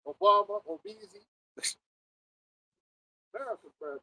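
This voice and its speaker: A man with a London accent, preaching and chatting in an animated group talk, often laughing and mimicking others. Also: high voice, measured pace, gravelly, highs cut off. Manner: animated, laughing, mocking voices. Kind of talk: casual group discussion.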